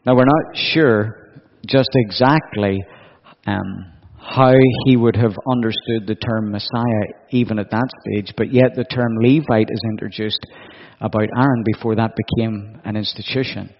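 A male preacher gives a reflective sermon and often turns to his listeners with questions. His voice is gravelly at mid pitch. The recording is dull and lo-fi, with a long reverb trail from the hall. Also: steady tone, measured pace, a little hiss or hum.

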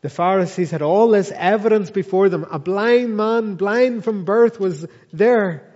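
Male pastor, high-pitched, deliberate sermon delivery, echoey church recording. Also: darkish tone, lo-fi sound. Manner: earnest, measured preaching with repeated questions and slow emphatic phrases.

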